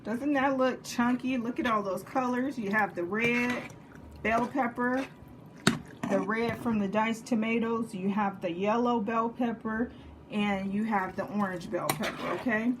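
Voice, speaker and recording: In her home kitchen, a home cook with a Texas accent walks through a cooking demonstration, chatty and jokey, checking in with viewers along the way. Her voice is a little high, her pace measured, and there's background noise.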